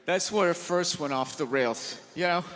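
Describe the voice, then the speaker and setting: A man doing stand-up comedy on a large theater stage, ranting loudly, sarcastic and profane. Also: a little high, moderate pace. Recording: live theater reverb, crowd noise.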